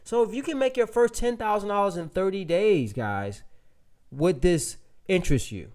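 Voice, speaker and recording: A man presenting a real estate webinar, telling a casual, animated story full of restarts and fillers to his audience. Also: sits high, normal speed.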